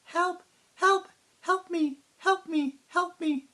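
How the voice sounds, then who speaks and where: A woman voicing a frightened little girl of about seven, crying out in high, shrill calls for help during a spiritual storytelling talk. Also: fairly even intonation, takes it slowly, pushed and bright, heavily acted. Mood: terrified.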